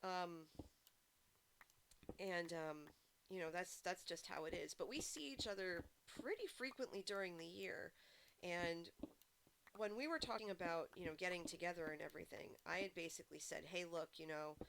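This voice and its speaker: A woman game streamer chatting casually to her viewers and telling stories in an animated way. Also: on the low side, normal speed, creaky, a little hiss or hum. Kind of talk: casual chat. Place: home streaming setup. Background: background music.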